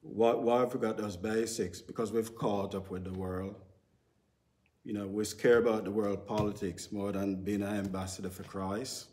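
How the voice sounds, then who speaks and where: Low-voiced man preaching. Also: steady tone, normal speed, darkish tone. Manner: rambling, heavy use of "sort of" and "you know". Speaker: church speaker. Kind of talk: informal sermon talk. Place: church service.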